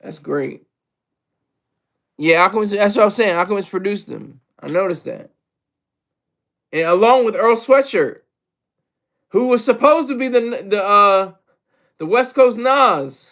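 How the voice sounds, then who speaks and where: A man's voice: high-pitched, expressive, measured pace, long pauses, fairly bright tone. A man giving casual, rambling solo commentary on hip hop, self-deprecating and full of restarts.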